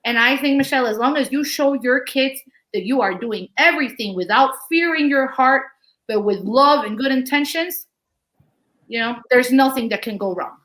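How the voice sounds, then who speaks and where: Bright, earnest woman on a video call. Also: high voice, moderate pace. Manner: earnest, passionate storytelling. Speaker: panel guest speaker. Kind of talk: casual panel talk.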